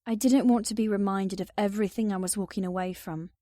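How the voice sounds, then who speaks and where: A woman narrating a first-person audiobook in an even, subdued storytelling manner. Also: mid-range voice, fast talker, dry recording, clean studio sound.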